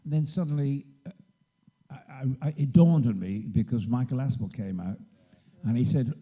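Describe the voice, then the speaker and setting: A man's voice: mid-range voice, normal speed, dark tone, husky. An older man telling rambling anecdotes on a convention panel and acting out the voices of people he quotes. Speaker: guest actor on a convention panel. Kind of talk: anecdotal storytelling. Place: convention stage.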